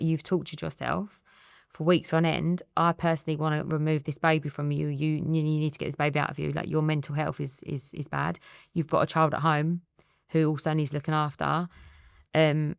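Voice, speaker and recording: A woman in her thirties with an Essex accent, a guest telling her story in a candid interview, quick and acting out the dialogue. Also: sits low, creaky, dry recording, clean studio sound. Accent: Essex English. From England. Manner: rapid storytelling that re-enacts dialogue.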